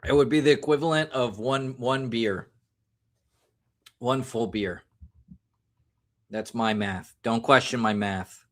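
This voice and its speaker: An American man drifts through a live stream in loose, casual talk, as if having a drink on air, poking fun at himself between jokes. His mid-range voice is fairly bright, and he speaks slowly with long pauses.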